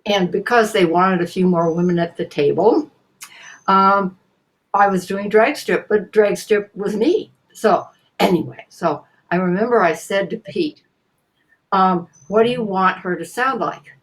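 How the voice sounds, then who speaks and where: Older woman telling lively anecdotes. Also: medium pitch, measured pace. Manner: animated, theatrical storyteller with many restarts. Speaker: guest voice actor. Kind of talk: casual interview storytelling.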